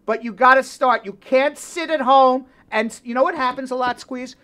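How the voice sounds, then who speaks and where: A man's voice: very high-pitched, moderate pace, pushed and bright, clean tone. A man hosting a live radio talk show, joking and reading ads with repeated phone numbers.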